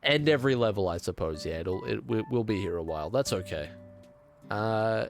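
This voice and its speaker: A man's voice: lowish voice, lively intonation, normal speed, gravelly. A young man streaming a video game, congested from a cold, chatting casually to his viewers with sarcastic, mock-outraged asides. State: congested, sick. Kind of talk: casual gaming stream chat.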